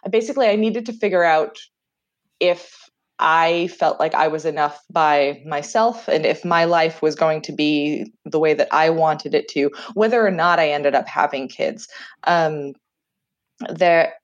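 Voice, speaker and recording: Canadian woman in her thirties on dull lo-fi audio. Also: low-pitched. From Jersey, Channel Islands. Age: 30s. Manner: chatty, self-deprecating, halting restarts, frequent laughs. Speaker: podcast guest. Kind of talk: remote interview, personal story.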